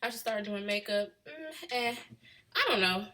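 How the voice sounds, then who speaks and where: Woman, late twenties, Chicago accent, bright voice, chatty live-chat host, drawling. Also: medium pitch, fairly even intonation, brisk, slight background noise. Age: late 20s. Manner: chatty, drawling, answering comments. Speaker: livestream host. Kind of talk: casual live chat with viewers.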